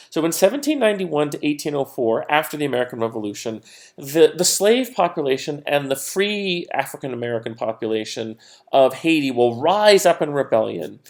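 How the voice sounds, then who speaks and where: A man's voice: fairly high pitch, gravelly. A man giving a recorded history lecture in a casual, conversational way, with frequent fillers and playful quoted voices. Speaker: history teacher.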